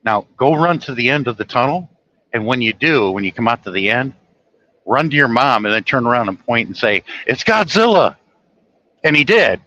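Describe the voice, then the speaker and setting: Bright-voiced man telling stories. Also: mid-range voice, lo-fi sound. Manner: chuckling often, animated when quoting others. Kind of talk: casual storytelling monologue.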